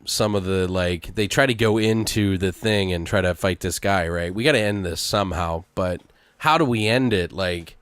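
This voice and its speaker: A man's voice: lowish voice, fairly bright tone, clean tone, dry recording. Profane, rambling male podcast storyteller. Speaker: podcast co-host. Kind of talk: casual brainstorming chat.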